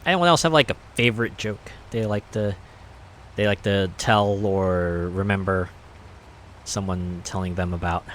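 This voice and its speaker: A man's voice: low-pitched, unhurried, slight background noise. A man streaming a game, chatting casually in a rambling, hesitant way with many fillers. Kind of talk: casual chat while playing.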